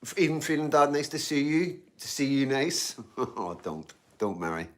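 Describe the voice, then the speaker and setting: A man's voice: medium pitch, sing-song, normal speed, fairly bright tone. Chatty man on a live stream. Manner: rambling, chatty, repeats himself, lots of "you know what I mean"; eating and drinking tea between remarks. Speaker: livestreamer reading out chat. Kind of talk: casual live-stream chat. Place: in Glasgow.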